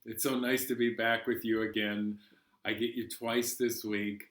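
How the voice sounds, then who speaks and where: Gentle man leading a children's storytime. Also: lowish voice, little pitch movement, unhurried, reverberant. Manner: gentle, sings with banjo.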